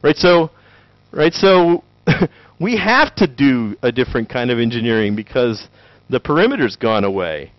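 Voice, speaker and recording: Animated joking man, lively pitch. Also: no room sound, dull audio. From Tennessee. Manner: animated, joking, acts out quick voices. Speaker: lecturer. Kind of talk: lively conference talk.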